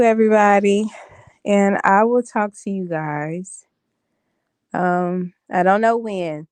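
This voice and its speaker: Tired woman in her thirties, slightly low voice, dry close phone sound, chatty livestream host. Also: creaky, darkish tone, no echo. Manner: chatty, addresses viewers as y'all and honey. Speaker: vlogger. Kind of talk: casual livestream chat.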